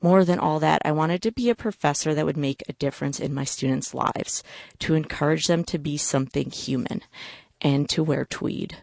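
A woman's voice: sits low, moderate pace, vocal fry, darkish tone, no room sound. Wry woman telling a personal story. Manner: wry, self-mocking delivery.

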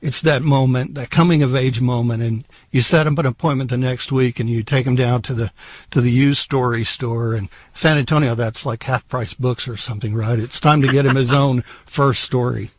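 A man's voice: mid-range voice, steady tone, moderate pace, no room sound. A middle-aged man telling a humorous personal story and acting out the voices in it. He also serves as a part-time host of the show. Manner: playful, acts out voices in his tale.

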